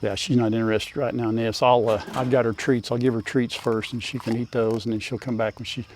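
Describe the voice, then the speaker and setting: A man's voice: medium pitch, level tone, fairly quick, a little mellow, a little hiss or hum. An older man, chatting casually to viewers and his animals while doing farm chores outdoors. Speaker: farm vlogger.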